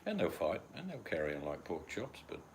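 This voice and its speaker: This older man with an Australian accent talks casually at home, wandering off topic and voicing his dogs in quotes. He sits low in pitch but swings hugely, speaks fairly quickly, and there's slight hiss or hum behind him.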